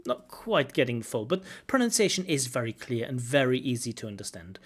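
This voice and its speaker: A man's voice: medium pitch, sing-song, a little fast, slightly rough. Man talking through a speaking test. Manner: thinks aloud, repeats words to model pronunciation. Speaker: IELTS examiner giving feedback. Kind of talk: reviewing a recorded test aloud.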